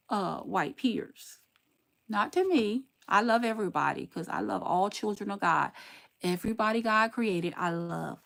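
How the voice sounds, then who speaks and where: Older woman streaming live, gravelly voice, bounces up and down a lot, blunt and sassy with the chat. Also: mid-range voice. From southern United States. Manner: blunt, scolding, sarcastic warnings with lively swings. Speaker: livestreamer.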